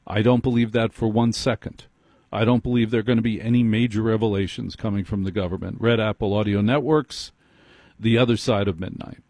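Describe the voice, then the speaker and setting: A man's voice: lowish voice, steady tone, a little fast, darkish tone, no echo. A man hosting a late-night call-in radio show, wry and teasing, who cuts in on his callers. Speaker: radio talk show host. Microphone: studio microphone.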